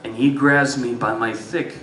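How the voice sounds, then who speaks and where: A man doing stand-up storytelling on a live stage, swinging between loud bursts and muttered asides. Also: medium pitch, fairly even intonation, normal speed, recorded from a distance, slight background noise. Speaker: stand-up comedian. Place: live music venue stage. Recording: roomy live club sound from afar. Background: audience laughter.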